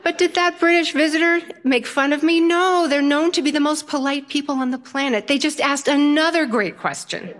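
An older woman telling a personal story to an audience, with an animated, playful delivery and frequent laughter. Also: high voice, normal speed, hardly any pauses.

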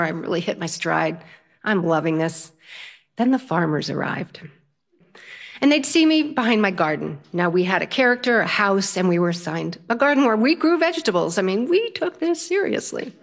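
An older woman telling a lively, self-mocking story. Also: mid-range voice, moderate pace. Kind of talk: storytelling performance.

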